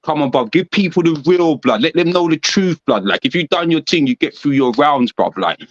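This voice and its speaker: A man's voice: on the high side, expressive, a little fast, no room sound, dull audio. Emphatic man in casual chat. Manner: emphatic, repetitive, peppered with slang.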